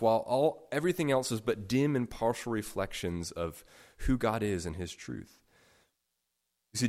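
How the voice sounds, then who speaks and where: A man preaching a sermon, stressing words by stacking them and swinging sharply between soft and loud. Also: medium pitch. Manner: emphatic, with sharp swings in loudness. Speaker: pastor.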